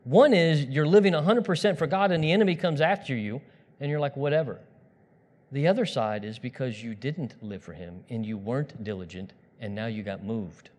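A man's voice: medium pitch, fairly quick, darkish tone. Man preaching in a reverberant hall. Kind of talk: sermon, conversational preaching. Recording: long reverb of a large hall.

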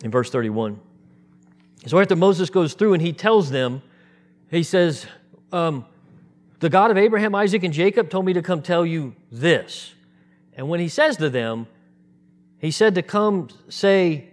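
A man preaching a sermon, animated and acting out the voices of the people in his story. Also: medium pitch. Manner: animated, acts out voices in quotes.

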